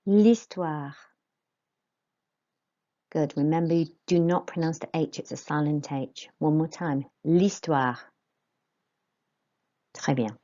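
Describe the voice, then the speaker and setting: A woman's voice: low voice, steady tone, moderate pace, few pauses, dark tone, lo-fi sound. A woman teaching a recorded language lesson, giving patient instructions and modelling pronunciation for pupils to repeat.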